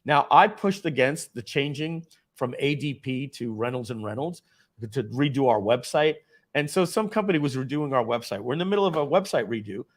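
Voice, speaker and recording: Animated man telling a story. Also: mid-range voice, a little fast. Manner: animated storytelling, acts out quoted voices. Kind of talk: casual anecdote.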